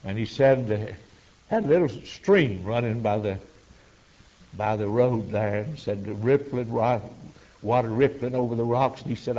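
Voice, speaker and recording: A man preaches with a folksy, unhurried storytelling style, pausing on filler words. His voice sits at an ordinary middle pitch. The recording is lo-fi and muffled. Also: mellow. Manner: folksy, halting, with frequent "uh" fillers. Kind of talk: sermon storytelling. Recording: dull lo-fi sermon recording.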